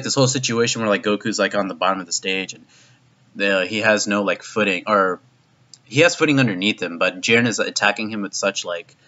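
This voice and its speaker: A man's voice: on the low side, bright, forceful tone. A man casually reviewing an anime episode, rambling with lots of fillers and swearing. His voice jumps up in disbelief. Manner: rambling and profane, heavy use of "like". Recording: dull lo-fi recording.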